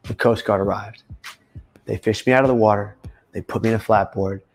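A man in his thirties telling his own story in an emphatic testimony, rising to loud intense bursts. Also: fairly low pitch, steady tone, brisk, faint music behind. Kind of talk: personal testimony monologue.

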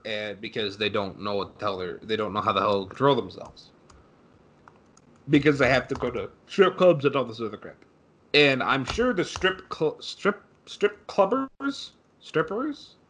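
A man's voice: medium pitch, a bit bright. A young man co-hosting a casual sports podcast, sarcastic and ranting, swearing freely. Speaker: podcast co-host.

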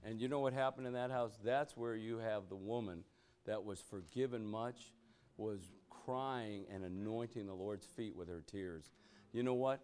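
A fairly low, smooth, slightly mellow voice moves a little slowly as this church meeting leader guides an interactive Bible study. He preaches emphatically, with exclamatory bursts and repeated "you know what?" questions aimed at his listeners.

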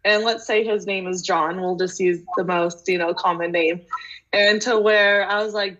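A woman teacher rambles through a story in casual chat over a video call, with plenty of fillers. Her voice is mid-pitched, and the sound is dull and lo-fi. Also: fairly even intonation, moderate pace, fairly bright tone. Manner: rambling, loose, with many fillers.

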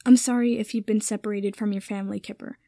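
A woman voicing a proud, upset young wizard man who answers in quick, clipped lines, in a storybook reading. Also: mid-range voice, steady tone, gravelly, warm tone, dry recording, clean studio sound, close to an everyday voice. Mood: earnest.

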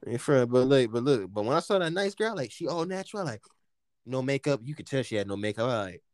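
A man's voice: mid-range voice, fast, no room sound. An American man hosts a laid-back podcast conversation in a mid-range voice. He tells stories with a lot of energy, packing them with slang and curses and acting out the people in them. The recording is very dry, with no room sound. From United States. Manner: animated storytelling, heavy slang and swearing, acts out quotes. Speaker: podcast host. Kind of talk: casual chat.

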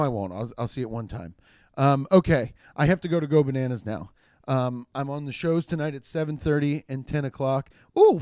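A man hosting his own comedy podcast alone, rambling in a casual, profane, jokey way with quick asides and restarts. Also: medium pitch, darkish tone, clear, resonant tone, dry recording, clean studio sound. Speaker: podcast host and stand-up comedian. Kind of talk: casual solo podcast monologue.

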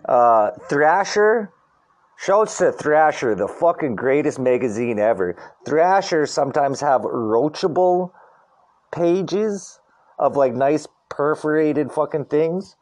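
A man's voice: on the high side, lively intonation, takes it slowly, darkish tone. A middle-aged man hosting a podcast alone, ranting in a rambling, profane, slangy way, full of "dude" and "like". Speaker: podcast host. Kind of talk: casual solo podcast rant.

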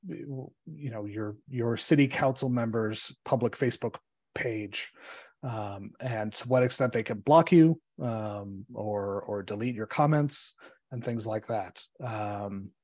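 A man, an attorney guest, explaining legal cases in a measured way, pausing often on ums and uhs. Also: fairly low pitch, darkish tone, no room sound.

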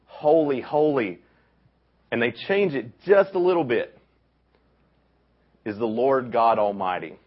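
Deep-voiced man preaching to youth. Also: husky. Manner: animated storytelling, acts out quotes. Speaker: youth camp speaker. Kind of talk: casual youth sermon. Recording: dull lo-fi recording.

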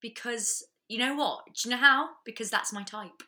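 A woman, a guest on a casual chat podcast, talking bluntly and swearing freely with lots of quick restarts. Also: a little high, sharp tone.

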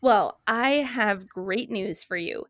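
A woman's voice: mid-range voice, slow, a bit bright, no room sound, studio quality. A woman co-hosting a podcast in casual chat, who also reads an ad, bubbly and laughing often. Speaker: podcast co-host.

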